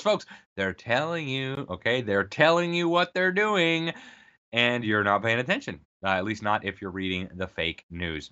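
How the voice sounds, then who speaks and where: A man's voice: lowish voice, expressive, moderate pace, sharp tone, dull audio. A man giving an emphatic, sarcastic political commentary, speaking straight to his listeners and calling them folks.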